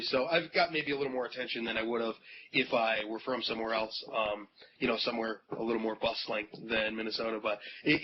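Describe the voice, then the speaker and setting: Fast-talking guy from north dakota, dry humor, muffled audio with background hiss. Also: medium pitch. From North Dakota, USA. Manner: quick, dry, self-deprecating. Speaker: interview guest. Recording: muffled, with noticeable background noise.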